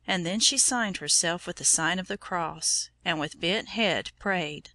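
Bright-voiced woman storyteller. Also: lowish voice, no echo. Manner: measured and solemn. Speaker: narrator. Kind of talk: storybook narration.

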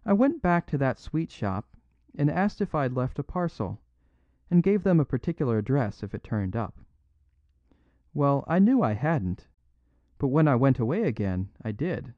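A man's voice: medium pitch, sing-song, normal speed, dry recording, pitched above the performer's own voice. A man reads a humble little priest who speaks simply and apologetically, his voice rising and falling freely. The recording is dry and a little dull, with no room sound. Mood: mild apologetic. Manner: simple, unaffected, gently apologetic. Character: mild, modest little English priest, apologetic.

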